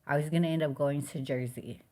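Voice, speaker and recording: A woman's voice: low voice, fairly even intonation, fast, darkish tone. A woman from Los Angeles, a guest telling her personal recovery story in a candid, casual way, with many fillers like "like" and "you know".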